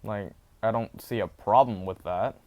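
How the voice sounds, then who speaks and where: A man voicing a calm, friendly young boy in a retold fan story, in a plain, unhurried delivery. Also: on the low side, narrow, tinny audio, natural voice.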